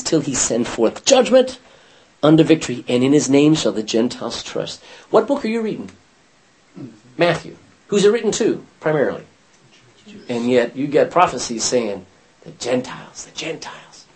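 A man's voice: medium pitch, darkish tone, a little hiss or hum, low-quality recording. A man leading a Bible study class, reading scripture aloud and putting questions to his students.

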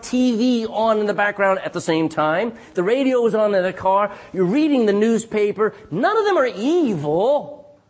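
A pastor preaching a sermon, reading scripture aloud and calling for amens from the congregation, with dramatic swings between loud and hushed delivery. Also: male voice, extremely high pitch. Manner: asks the congregation for "Amen?" responses; reads scripture in King James wording.

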